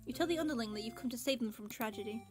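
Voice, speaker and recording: A giggly, excitable young woman streaming a game and reading its text aloud, with a voice growing tired. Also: on the high side, racing, a crowd in the background. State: voice getting tired. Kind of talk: let's play commentary and reading game text. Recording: game music underneath.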